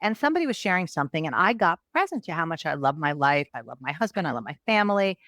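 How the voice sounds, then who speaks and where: Middle-aged woman, coach guest, animated storyteller, lower voice, dry close sound. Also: fast, no room sound. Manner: animated, acts out quotes with raised pitch. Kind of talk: storytelling in a podcast interview.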